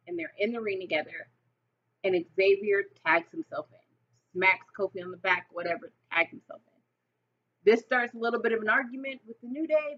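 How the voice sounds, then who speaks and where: A woman vlogger telling a wrestling storyline in a casual, excited, rambling way with lots of fillers. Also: medium pitch, lo-fi sound.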